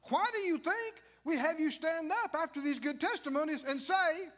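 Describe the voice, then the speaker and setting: A male pastor preaching a sermon in a church, swinging from low asides to shouted declarations. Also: normal speed, few pauses. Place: church sanctuary. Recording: long church reverb.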